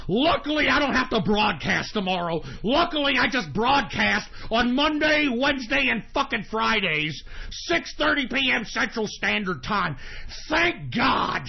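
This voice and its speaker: A man hosting an internet radio show in a furious, profane rant, cursing constantly and swinging from screamed outbursts to low grumbling while drinking beer. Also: lively intonation, a little slow, gravelly, hardly any pauses, slightly rough, highs cut off. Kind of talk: angry profane on-air rant.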